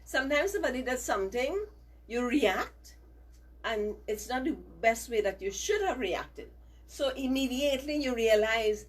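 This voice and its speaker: A woman's voice: on the high side, lively intonation, normal speed, rough recording. A middle-aged woman teacher giving a values lesson to children, coaxing them to repeat phrases after her.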